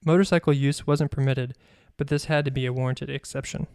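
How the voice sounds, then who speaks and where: Mellow, even-voiced male memoir reader. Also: mid-range voice, creaky, clean tone, no echo, clean studio sound. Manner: measured, even storytelling. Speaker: podcast host and author. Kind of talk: reading his own memoir aloud.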